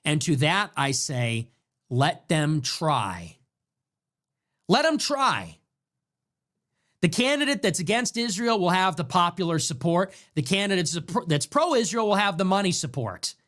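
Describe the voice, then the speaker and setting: A man's voice: sits high, very animated, normal speed, hardly any pauses, fairly bright tone. A man hosting a livestream, delivering an emphatic, repetitive, commanding monologue. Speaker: political livestream host. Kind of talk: monologue commentary.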